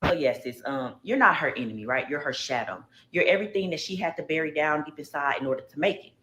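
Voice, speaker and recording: A woman's voice: low-pitched, fast talker, a bit bright. A woman giving a motivational talk, speaking encouragingly to the listener as a sister. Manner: encouraging, addresses listener as sis. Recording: roomy clip with faint noise.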